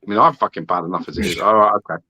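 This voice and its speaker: A man's voice: deep voice, racing, sharp tone, slightly rough, no echo. A man and father of a young son, chatting casually on a podcast in a laid-back, teasing way with frequent swearing. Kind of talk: casual chat. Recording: dull lo-fi mic.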